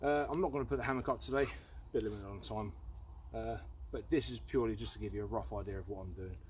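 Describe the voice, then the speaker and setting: A man casually explaining a camp setup outdoors in the woods, chatty and relaxed, with frequent fillers. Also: fairly low pitch, fast, slight background noise. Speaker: outdoor channel host.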